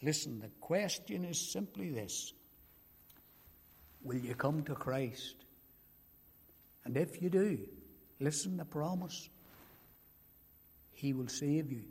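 An older man preaches slowly and emphatically, repeating his key phrases as he pleads with his listeners. His voice sits a little high for a man. A long reverb trails each phrase, as in a large hall. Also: a little mellow, breathy edge. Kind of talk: evangelistic sermon.

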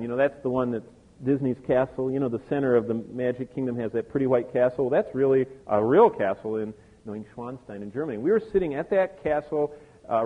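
An older man preaching a sermon, telling a personal story to his congregation with many asides. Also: medium pitch. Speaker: pastor. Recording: tinny phone-like sound with long hall reverb.

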